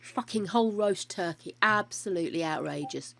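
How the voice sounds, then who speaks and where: A woman's voice: mid-range voice, animated, normal speed, few pauses. An older woman streaming a life-simulation game, chatting casually to her characters and her viewers, with the odd bit of mild swearing. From United Kingdom.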